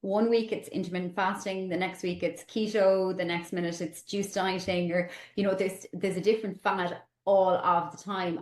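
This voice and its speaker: A woman doctor explains things patiently, using "I suppose" as a filler. Her voice sits fairly low, and the room around her echoes. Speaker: doctor and nutrition guest. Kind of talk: interview answer.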